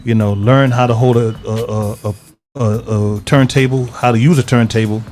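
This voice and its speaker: A man's voice: medium pitch, fairly even intonation, normal speed, darkish tone. A man co-hosts a call-in radio show in an easygoing way. His phrases often trail off. Faint music sits underneath. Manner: laid-back, trailing off. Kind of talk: casual radio chat.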